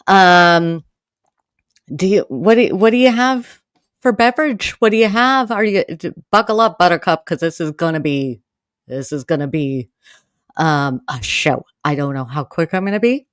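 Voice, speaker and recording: A woman from Maine, USA, with a voice on the low side hosts a casual solo podcast, chatting and rambling directly to her listeners. When she rants she gets heated and exasperated. The recording is dry.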